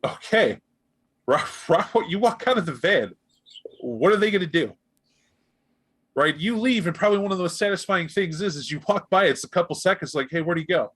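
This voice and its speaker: A man narrating as game master of a tabletop role-playing game, animated and jumping into characters' voices. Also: sits high, normal speed, husky. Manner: animated, voices gang members in bursts.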